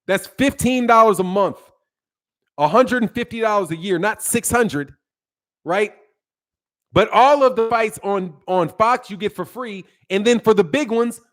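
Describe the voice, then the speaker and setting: A man with a fairly high speaking voice hosts a boxing live stream. He talks in emphatic, repetitive bursts, stressing each point twice over between viewer chat messages. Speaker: boxing channel host. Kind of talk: live-stream commentary reading viewer chats.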